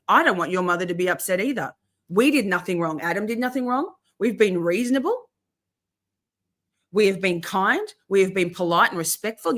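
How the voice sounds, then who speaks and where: A woman's voice: lowish voice, a bit bright. Fired-up, swearing woman. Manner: profane, fired-up ranting. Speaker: livestream host. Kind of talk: casual livestream chat.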